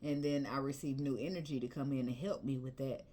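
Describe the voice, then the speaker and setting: A woman's voice: extremely low pitch, steady tone, a little fast, dark tone. Chatty woman reading tarot cards. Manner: chatty, slangy, breaks into singing and laughs. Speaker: tarot reader.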